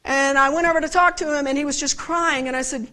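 A woman's voice: sits high, steady tone, quick pace, pushed and bright, poor audio. A woman preaching a sermon, telling personal stories with passion and asking her listeners rhetorical questions.

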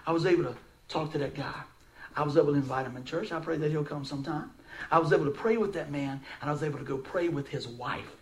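High-voiced man preaching a folksy story. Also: fast. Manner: folksy, animated storytelling with asides to the crowd. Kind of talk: storytelling sermon.

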